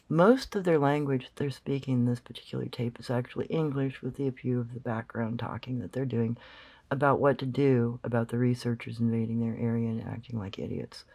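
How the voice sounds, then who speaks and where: A man's voice: medium pitch, steady tone, normal speed, creaky, a little mellow. A man explaining a recording in casual commentary, rambling and thinking aloud with many fillers. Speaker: channel host.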